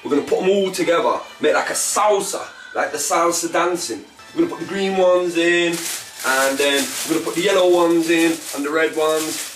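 A man hosting a comic cooking demonstration in swaggering street slang, with a pitch that keeps jumping around. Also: a bit bright. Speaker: comic cooking show host. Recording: echoey room, mic at a distance, faint music.

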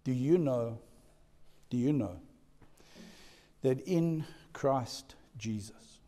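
A male pastor preaching a sermon, dropping to a hush and then rising to loud emphasis. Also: medium pitch, drawn-out words. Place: church hall. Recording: echoey church hall.

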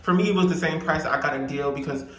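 A man's voice: fairly high pitch, quick pace, fairly bright tone. A man giving a casual, gushing vlog tour of a hotel room, chatting to viewers and exclaiming over every detail. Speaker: travel vlogger.

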